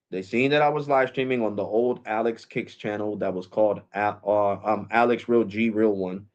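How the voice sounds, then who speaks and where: Male streamer, mid-pitched, animated and profane, acts out quotes while telling a story; muffled lo-fi stream audio. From Puerto Rico. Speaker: live streamer. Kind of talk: casual storytelling to a live stream audience. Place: at home.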